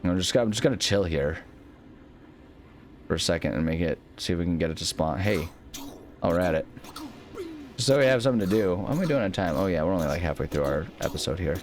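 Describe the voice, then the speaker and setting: A man's voice: low voice, animated, fast talker, long pauses, darkish tone. A young man casually commenting on a video game as he plays, thinking aloud and rambling with lots of restarts. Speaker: let's play host.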